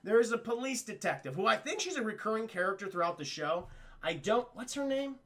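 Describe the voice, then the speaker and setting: A man's voice: sits high, big pitch swings, brisk, fairly bright tone. A young man streaming a casual cartoon recap, rambling and swearing as he talks to his chat. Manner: rambling, profane, addresses chat.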